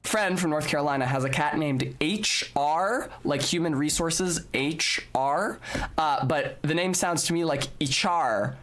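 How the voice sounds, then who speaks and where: A man's voice: on the high side, measured pace, fairly bright tone. A young man streaming a game, chatting casually and explaining at length, with the odd swear. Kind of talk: live game stream chat.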